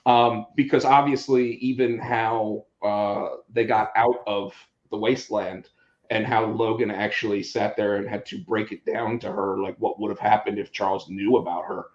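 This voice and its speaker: Male podcast host, chatty and animated, roomy dull sound, mid pitch. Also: normal speed. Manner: animated, acts out quotes, many restarts. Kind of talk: casual movie chat.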